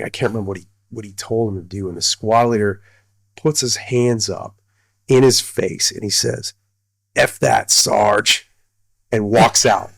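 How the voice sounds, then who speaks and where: A man's voice: lowish voice, vocal fry, dry recording. A middle-aged man, a retired army colonel, telling a story casually, rambling with many fillers and restarts.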